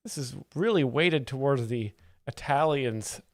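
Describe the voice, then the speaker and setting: A man's voice: mid-range voice, expressive, unhurried, no room sound. A man hosting a live stream, rambling through comedy clips and explaining the jokes in a dry, mock-serious way, talking into a desk mic at home. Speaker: livestream host.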